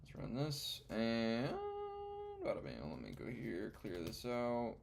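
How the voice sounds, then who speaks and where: A man's voice: fairly low pitch, big pitch swings, slow pace, gravelly, a little hiss or hum. A man working through coding exercises and thinking aloud in a loose, muttering way, often trailing off. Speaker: beginner programmer. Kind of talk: casual screen-recorded coding session.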